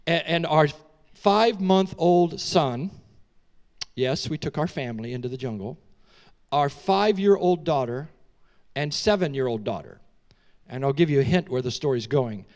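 A middle-aged man preaching in a church, telling a dramatic story with animated delivery, frequent restarts and questions to the audience. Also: fairly high pitch, moderate pace, pauses often. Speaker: guest preacher. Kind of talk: storytelling sermon. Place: church sanctuary.

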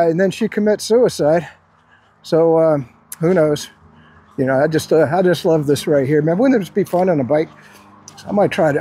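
A man's voice: a little high, mellow, slight background noise. A man chatting casually to his viewers in a loose, rambling way, full of fillers and restarts. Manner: rambling, hesitant, lots of fillers. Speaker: video creator.

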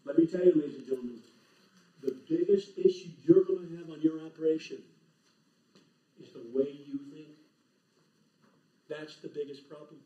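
A man's voice: a little high, fairly even intonation, moderate pace, pauses often. Emphatic man lecturing in an echoey hall. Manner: emphatic, preacherly, punchy short phrases. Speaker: conference speaker. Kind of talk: animated lecture to a live audience. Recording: echoey hall, distant, dull lo-fi.

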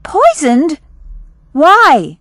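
Lady voicing a worked-up teen girl, higher and louder, slow dry reading. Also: huge pitch swings, dry recording, exaggerated voice. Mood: indignant. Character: earnest, indignant teenage girl.

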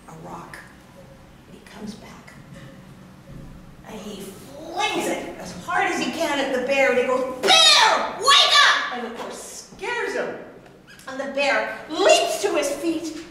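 A woman storyteller from Canada performs folk tales live, with lively, expressive delivery and asides to the audience. Her voice is fairly high and heavily echoing. The recording picks her up from far away in a big reverberant hall with audible background noise. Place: large hall. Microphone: distant mic.

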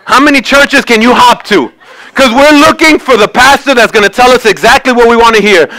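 A man's voice: very high-pitched, a little fast, bright, forceful tone, poor audio. A man preaching a sermon as pastor in a church, talking conversationally and acting out quoted voices.

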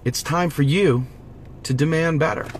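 A man's voice: fairly high pitch, normal speed, a little hiss or hum. A man giving an impassioned direct-to-camera monologue, preachy and urgent, repeating slogans as he rallies his viewers. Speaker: political vlogger.

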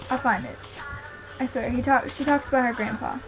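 A woman's voice: high-pitched, steady tone, a little fast, music in the background, rough recording. A young woman chatting casually in a video diary, bouncy and self-conscious. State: out of breath. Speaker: vlogger.

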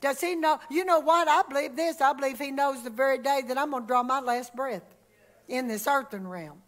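A woman preaching a church sermon, swinging from loud emphatic calls to hushed asides. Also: high-pitched, normal speed.

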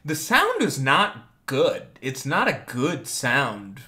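A man's voice: medium pitch, huge pitch swings, takes it slowly, pushed and bright. A man narrating a tabletop game as game master, describing scenes with many fillers.

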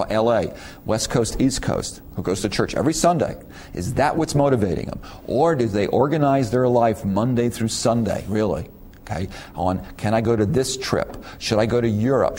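A middle-aged man with a low voice lectures students in a loose, conversational way. He keeps firing rhetorical questions and often repeats words as he goes. A faint noise sits behind him. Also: darkish tone. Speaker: university lecturer.

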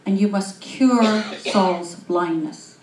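A woman's voice: mid-range voice, takes it slowly, natural voice. A woman voicing a firm, commanding divine voice from heaven, heard in a roomy space from a distance. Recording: roomy, from far off.

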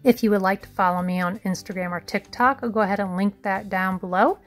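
A woman's voice: medium pitch, brisk, faint music behind. A woman from Indiana, chatting casually to viewers as a vlogger and telling a story in a folksy way. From Indiana, USA. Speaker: shopping haul vlogger. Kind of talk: casual vlog chat and story time.

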